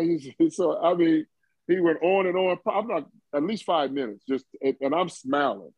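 This Ohio man in his fifties, a former football player, tells an interviewer a rambling story full of fillers and frequent chuckles. He speaks at a moderate pace in a husky voice on the high side, with lively intonation. The audio is dry, dull and lo-fi.

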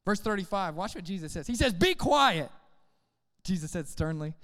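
A man preaching a sermon to young people, energetic and casual, often calling on the crowd to respond. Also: high-pitched, fast, long reverb tail. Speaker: youth pastor.

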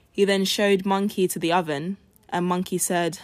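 A woman hosting a podcast, narrating a folk tale in a clear, measured storytelling manner. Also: on the low side, steady tone, dry recording. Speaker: podcast host.

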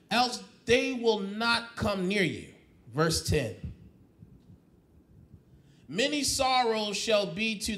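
A male pastor preaching a sermon. He repeats and restarts phrases and calls on the congregation to answer back. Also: high voice. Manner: swings from soft to loud exhortation.

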